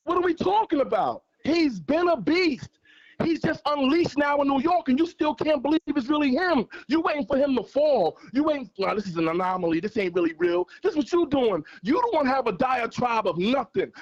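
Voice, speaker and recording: On dull audio, a man with a very high-pitched voice calls in to a fan livestream. The sports debate is heated, and he argues passionately, hammering his points through repetition.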